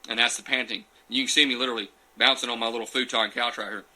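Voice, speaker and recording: Folksy dude answering live questions from his couch at home, super bright punchy voice, laughs a lot. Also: medium pitch, steady tone, quick pace. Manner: folksy and friendly, calls people buddy and brother; chuckles between answers. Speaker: champion turkey caller answering live questions. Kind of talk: casual live Q&A.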